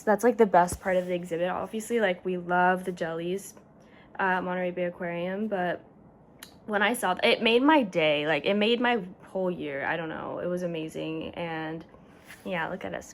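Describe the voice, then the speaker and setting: A young woman chatting casually to camera as a vlogger, excitable and gushing, full of "like". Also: mid-range voice.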